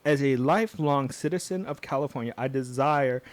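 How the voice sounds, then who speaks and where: A man's voice: mid-range voice, normal speed, dry recording, lightly acted. A man voicing a pompous political candidate in a put-on Southern US accent, reading a statement aloud in a hammy way. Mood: mock-solemn.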